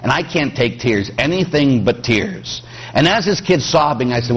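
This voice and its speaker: Animated joking priest, husky voice. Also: male voice, medium pitch, moderate pace. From Pittsburgh. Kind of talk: sermon.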